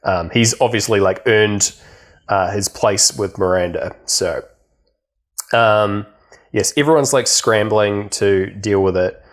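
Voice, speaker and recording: A man's voice: on the low side, takes it slowly. A young man co-hosting a podcast, casually recapping a film with lots of fillers and laughter. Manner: rambling, many fillers, laughs often. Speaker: podcast co-host.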